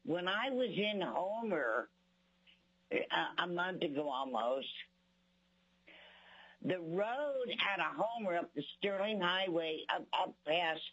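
A woman's voice: lowish voice, expressive, slow pace, long pauses, a bit bright, husky, dull audio. An older woman from Alaska giving blunt, exasperated public testimony, mocking the legislators she criticizes.

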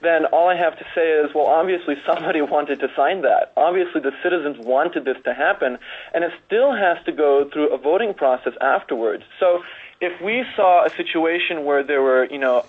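A man's voice: on the high side, moderate pace, slightly rough. A man giving frank, plain-spoken testimony at a legislative hearing. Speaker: public testifier. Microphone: telephone. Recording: tinny phone line.

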